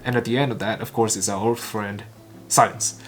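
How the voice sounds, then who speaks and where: Man shadowing a talk haltingly. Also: lowish voice, fairly even intonation, fairly bright tone, faint music behind. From Vietnam. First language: Vietnamese. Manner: halting, clipped phrases with frequent stumbles and restarts. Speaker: English learner and channel host. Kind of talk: shadowing a recorded talk line by line.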